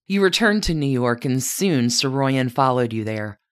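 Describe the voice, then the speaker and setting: A woman narrating a scripted biographical story with a strikingly deep voice. She speaks in a measured, even way and addresses her subject directly. Her delivery is composed and deliberate. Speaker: podcast narrator.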